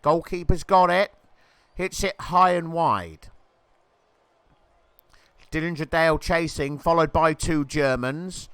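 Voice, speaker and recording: Excitable man doing jokey football commentary. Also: on the high side, takes it slowly, long pauses, clear, resonant tone, no room sound. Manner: jokey, rises to excited shouts at near misses and goals. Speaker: game commentator. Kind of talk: mock football commentary over a video game.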